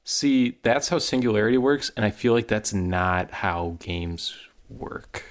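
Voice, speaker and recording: A man co-hosting a podcast, chatting casually in an animated, rambling way that jumps up in pitch when he gets excited. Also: a little slow. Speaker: podcast co-host. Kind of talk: casual chat.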